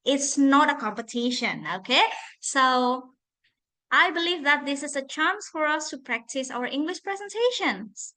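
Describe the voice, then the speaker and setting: Woman lecturer, high and bright, reassuring workshop host on a video call. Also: unhurried. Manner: warm, reassuring, animated. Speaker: English lecturer leading a workshop. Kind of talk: encouraging teaching.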